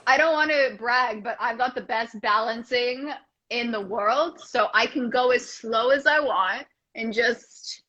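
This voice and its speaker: A woman's voice: fairly high pitch, unhurried, sharp tone, highs cut off. A woman hosting a casual video call chat, playful and joking, laughing often. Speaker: host.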